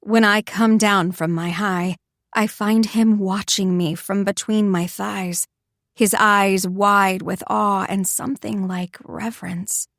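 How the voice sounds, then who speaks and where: A woman narrating a first-person romance audiobook in an expressive, intimate storytelling voice. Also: medium pitch, takes it slowly, no room sound, studio quality.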